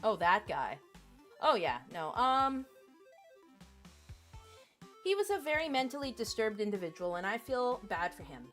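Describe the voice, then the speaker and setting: A woman's voice: mid-range voice, sing-song, a little slow, long pauses, a bit bright, soft background music. A woman streamer chatting casually and candidly, rambling with lots of fillers.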